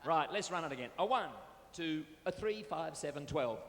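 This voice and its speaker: A man's voice: fairly high pitch, lively intonation, normal speed, a bit bright, slight background noise. An Australian man bantering cheekily with a live audience as a stage entertainer, on a stage microphone. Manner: cheeky, chatty, teasing the crowd. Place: stage at a fair venue before a live audience. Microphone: stage microphone on a cable. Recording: reverberant live venue with band music.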